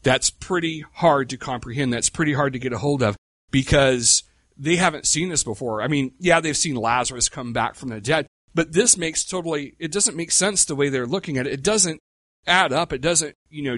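A middle-aged man preaching a sermon in a conversational way, with rhetorical questions and slow, emphatic pauses. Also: mid-range voice, fairly bright tone, no echo, studio quality. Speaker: pastor.

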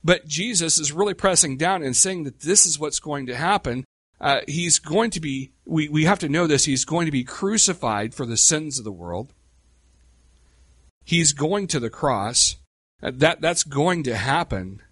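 A middle-aged man preaching a sermon in a conversational way, with rhetorical questions and slow, emphatic pauses. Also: fairly high pitch, expressive, fairly bright tone, slightly rough, dry recording, clean studio sound. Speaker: pastor.

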